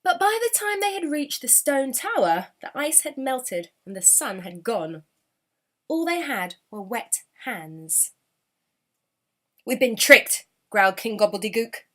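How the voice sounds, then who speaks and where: A woman reading a children's picture book aloud as storyteller. Her voice is fairly high and swoops widely, dropping to soft near-whispers and rising to bursts. The delivery is expressive and animated throughout. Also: a little slow.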